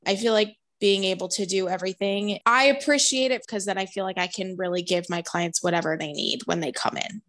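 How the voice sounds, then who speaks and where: A woman's voice: medium pitch, fairly quick, few pauses, a bit bright. A woman interviewer and fellow hairstylist, chatty and upbeat in casual conversation. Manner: chatty, upbeat, uses "like" often.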